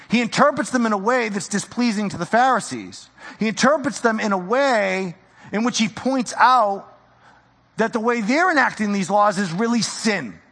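A man preaching with a high, bright voice that leaps up and down as he acts out the people in the story. He talks in a loose, slangy way, and the sound carries a long reverb from a hall. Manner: animated, casual slang, acts out quoted voices. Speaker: pastor. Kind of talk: sermon.

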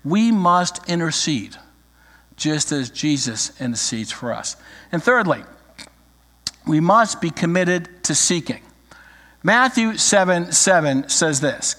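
Emphatic preacher in an echoey church. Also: male voice, a little high, animated, sharp tone. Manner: emphatic, drawn-out scripture reading. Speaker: pastor. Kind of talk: sermon. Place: church sanctuary.

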